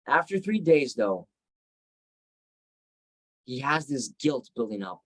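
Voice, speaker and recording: A man's voice: mid-range voice, sing-song, slow, long pauses, dry recording, low-quality recording. A man teaching a Bible study, retelling the story reflectively with frequent restarts.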